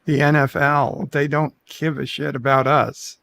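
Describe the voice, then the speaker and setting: A man's voice: medium pitch, level tone, a little slow, gravelly, fairly bright tone. A man co-hosting a podcast, chatting casually and cracking dry, wry jokes. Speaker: podcast co-host. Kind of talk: casual chat.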